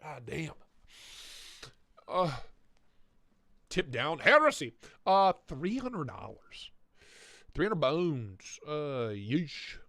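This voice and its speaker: A man's voice: a little high, big pitch swings, drawn-out words, vocal fry, long pauses, a bit bright, no echo. A man hosting a casual live stream, riffing and joking with mock indignation, with a stuffy, blocked nose. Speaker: livestream host reviewing knife listings.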